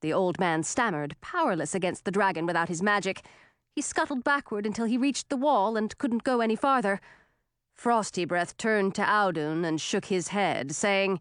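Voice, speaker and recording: A woman narrating a fantasy story in an expressive, dramatic reading style. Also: mid-range voice, normal speed, no room sound, studio quality. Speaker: audiobook narrator.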